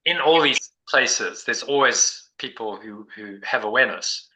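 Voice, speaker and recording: A man's voice: medium pitch, measured pace, pushed and bright, poor audio. A man leading a spiritual discussion group, talking in a meandering, reflective way with many restarts. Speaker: meditation group leader.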